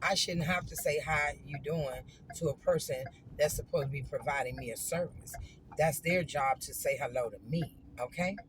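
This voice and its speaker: A woman's voice: low-pitched, moderate pace, noisy background. A woman vlogger telling a casual, emphatic story straight to her viewers.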